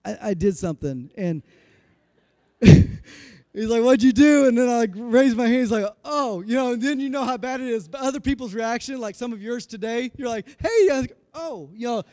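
A pastor in his forties preaching a sermon, telling a personal story in an animated, self-deprecating way. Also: extremely high pitch, moderate pace, dry recording, clean studio sound. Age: 40s.

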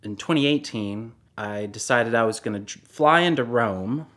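A man casually telling a car story, animated and often dropping into a hushed voice. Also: mid-range voice, moderate pace.

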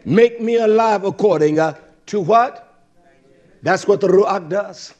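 A man preaching a sermon, quoting and expounding scripture, swinging from shouted high exclamations to low murmurs. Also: animated. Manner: quotes and expounds scripture, drawn-out emphatic words.

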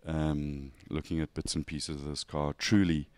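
A man's voice: rumbling low, flat delivery, measured pace, darkish tone, smooth, dry recording. A man hosting a motorsport show, chatting casually and joking as he gushes over a race car's details. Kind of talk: casual walkaround chat.

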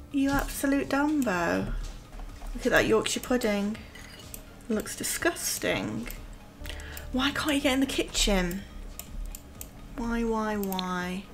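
A woman's voice: a little high, creaky. A woman giving casual, chatty let's-play commentary on a life-sim game and teasing her characters. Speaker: gaming YouTuber. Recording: soft background music.

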